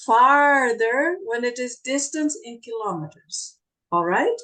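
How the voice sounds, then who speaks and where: Slow, patient teacher woman. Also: fairly high pitch, lively intonation, fairly bright tone, low-quality recording. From Brazil. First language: Portuguese. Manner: patient, encouraging, explains slowly. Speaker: English teacher. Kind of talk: online English class.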